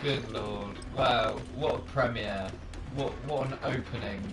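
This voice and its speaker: A man's voice: medium pitch, measured pace, far from the mic. A man hosting a casual podcast, rambling and laughing often between crude jokes. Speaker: podcast host. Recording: loud music behind voice.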